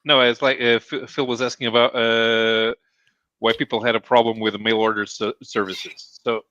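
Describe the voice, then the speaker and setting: Hesitant man, bright voice, dull mic. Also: medium pitch, flat delivery, normal speed, no room sound. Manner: hesitant, many restarts and fillers. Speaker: stream host. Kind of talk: casual livestream chat.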